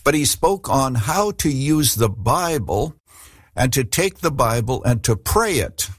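A man's voice: mid-range voice, big pitch swings, unhurried, husky, no room sound, studio quality. A man, a pastor who hosts a radio ministry, speaking to listeners in a direct, conversational way and answering their questions about faith.

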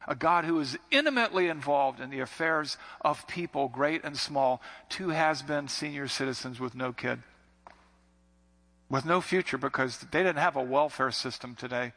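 A man's voice: mid-range voice, bright, forceful tone, big-room sound. A man preaching a sermon as a pastor, building to emphatic repetitions.

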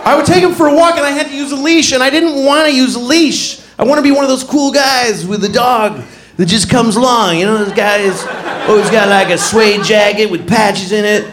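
Middle-aged man, stand-up comedy, high lively voice, roomy live venue, background noise. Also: fairly quick. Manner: animated storytelling, acts out characters with big pitch jumps. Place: comedy club stage with audience.

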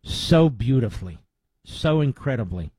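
A man hosting a talk radio show, reading a sponsor pitch in an emphatic, folksy way and repeating details slowly. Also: very animated, darkish tone, breathy edge, no echo. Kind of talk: live-read sponsor ad and commentary.

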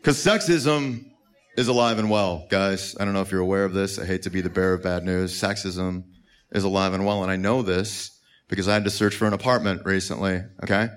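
A man's voice: deep voice, fairly even intonation, brisk, clear, resonant tone. A male stand-up comedian telling a story in a mock-outraged, emphatic way.

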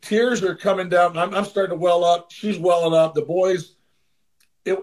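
This is a high male voice with fairly even intonation, a moderate pace, and a slightly mellow quality. He's a former baseball manager being interviewed, sincerely recounting a personal story in casual talk and occasionally acting out others' voices.

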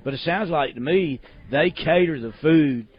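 A Southern man hosts a casual talk show in a chatty, joking manner. His voice sits a bit high for a man. The audio is dull and lo-fi. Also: normal speed, breathy edge. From Alabama. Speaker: show host. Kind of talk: casual chat.

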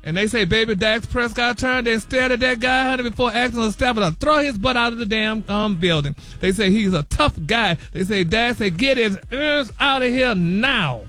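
High-voiced sassy gossip man. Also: fairly quick, few pauses, bright, forceful tone, faint music behind. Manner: sassy, dramatic, peppers speech with "honey" and "y'all". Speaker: celebrity news correspondent. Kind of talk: gossipy morning radio segment.

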